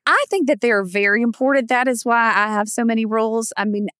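A woman's voice: a little high, fast talker, a bit bright, clean tone, no echo, studio quality. A woman from the American South, a podcast guest, speaking emphatically and gushing. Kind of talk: casual podcast chat.

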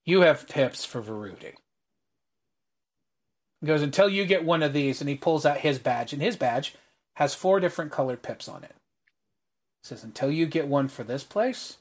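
A man with an everyday mid-pitched voice runs a tabletop game as its game master. He narrates the scene and drops low and quiet when he voices the characters. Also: lively intonation, normal speed, long pauses.

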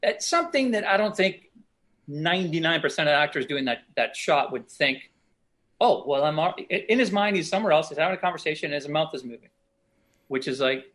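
Middle-aged man telling animated on-set anecdotes. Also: on the high side, a little fast. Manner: animated anecdotes, voices other people in quotes. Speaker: actor guest. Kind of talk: casual interview storytelling.

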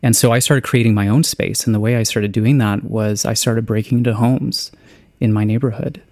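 A man's voice: on the low side, fairly even intonation, brisk, darkish tone, no room sound, studio quality. A man co-hosting a podcast, playful and candid, often giggling. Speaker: podcast co-host. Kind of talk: casual podcast chat.

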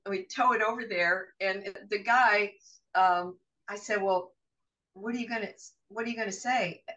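A middle-aged woman, a podcast guest, telling a personal story in an animated way and acting out the voices of others. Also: medium pitch, moderate pace, distant mic, lo-fi sound.

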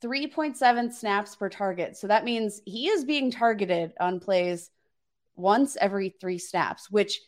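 A woman's voice: mid-range voice, unhurried. A woman co-hosting a sports podcast, breaking down a matchup in a chatty, upbeat way with lots of fillers. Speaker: podcast co-host. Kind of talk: casual fantasy football chat.

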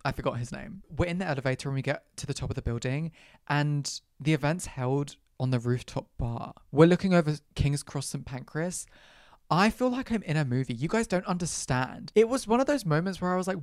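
A man's voice: fairly high pitch, expressive, brisk, dry recording, clean studio sound. Chatty dramatic man storyteller. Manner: chatty and dramatic, with quoted asides and swearing. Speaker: podcast host telling a personal story. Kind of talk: casual storytelling monologue.

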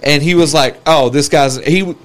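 A man's voice: on the high side, moderate pace. A man from the American South co-hosting a casual reaction chat, blunt and swearing freely as he tells stories. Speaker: podcast co-host.

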